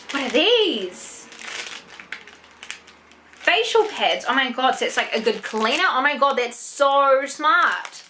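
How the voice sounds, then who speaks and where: This is a young woman with a New Zealand accent, filming an unboxing vlog at home. Her voice is bright and forceful and sits a touch high. She gushes over every item with gasps and squeals, and a faint hiss sits under the recording. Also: low-quality recording. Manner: gushing, excitable, gasps and squeals often. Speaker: YouTuber.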